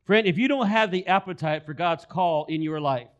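A man's voice: high-pitched, normal speed, muffled recording. A man preaching a sermon, telling a story and repeating key phrases for emphasis. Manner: storytelling, acts out quoted voices.

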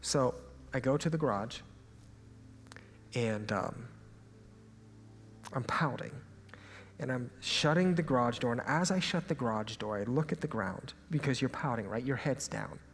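A young man preaching a sermon as a pastor, telling a personal story in a lively, animated way and sometimes dropping to a hushed aside. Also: mid-range voice, normal speed, soft background music. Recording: hall reverb, faint ambience.

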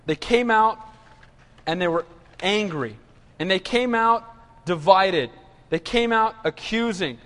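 A man preaching a sermon in an animated call-and-response manner. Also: high-pitched. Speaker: pastor. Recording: reverberant hall.

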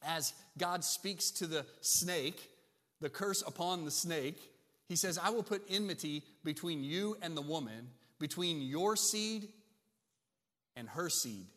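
A man's voice: a little high, slow pace, fairly bright tone. A male pastor preaching a sermon to his congregation, emphatic and often checking in with "right?". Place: church sanctuary. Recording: long church reverb.

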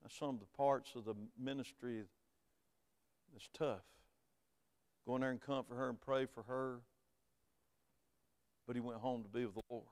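A middle-aged man with a Southern American accent, a pastor preaching a sermon in folksy, storytelling talk that swings between quiet asides and loud, emphatic preaching. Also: medium pitch, fairly even intonation, moderate pace, long pauses. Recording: hall reverb.

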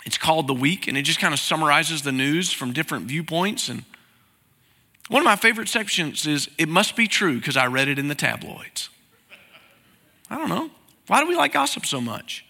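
A man's voice: high voice, bright, forceful tone, in a large hall. A man preaching a sermon as pastor, in a conversational style full of rhetorical questions, recorded in a church sanctuary.

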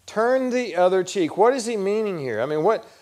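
Earnest higher-voiced male pastor preaching. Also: expressive, moderate pace, a little mellow. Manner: earnest, questioning, storytelling. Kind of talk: sermon.

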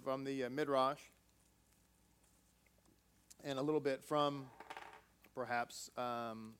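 High, smooth-voiced male preacher. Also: fairly bright tone. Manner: conversational, jokey asides with audience. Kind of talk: scripture reading and sermon.

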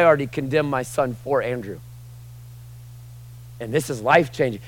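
A young adult man preaching a sermon in a conversational way, dropping to quiet asides and rising to loud, emphatic bursts. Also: mid-range voice, moderate pace, pauses often, slightly rough, low-quality recording. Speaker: pastor.

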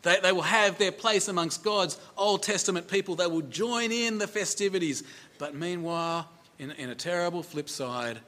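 A man's voice: high voice, moderate pace, bright, forceful tone. A man preaching a sermon in a conversational way, repeating phrases for emphasis and asking rhetorical questions.

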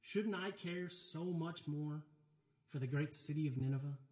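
A man voicing God as a patient teacher, speaking calmly and reasoning with questions to a sulking prophet. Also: a little high, a little slow, lightly acted. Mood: patient, earnest. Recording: roomy, echoey hall.

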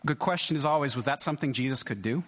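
A man's voice: medium pitch, fast talker, a bit bright. A man preaching a sermon in a conversational way, thinking aloud and often restarting his sentences. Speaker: pastor. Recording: long reverb of a large hall.

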